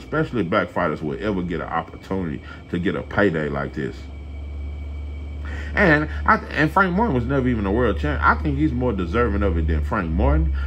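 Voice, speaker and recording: Blunt, profane low-voiced man ranting. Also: slight background noise. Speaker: boxing commentator. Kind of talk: casual opinion rant to camera.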